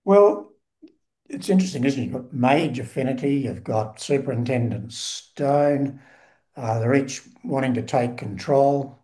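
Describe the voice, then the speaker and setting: A man hosting a conversation, prompting the storyteller with eager questions and lively reactions. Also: medium pitch, measured pace. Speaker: host. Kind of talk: conversational interview.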